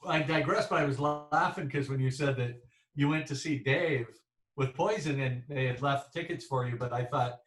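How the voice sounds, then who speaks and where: A man's voice: mid-range voice, normal speed, fairly bright tone, distant mic. A man co-hosting a podcast, chiming in with short reactions and then telling an aside. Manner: brief supportive interjections. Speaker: podcast co-host. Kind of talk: casual chat. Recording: roomy, off-mic.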